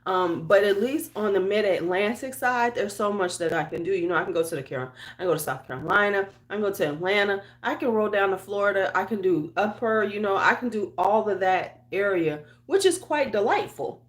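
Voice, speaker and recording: A woman with a Chicago accent chats loosely with viewers during a morning skincare livestream. Her talk wanders in relaxed, rambling runs packed with fillers and false starts, and she greets people in the chat by name as she goes. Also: mid-range voice, fairly quick, few pauses. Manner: chatty, rambling, full of fillers and restarts; talks to viewers by name while getting ready. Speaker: beauty vlogger.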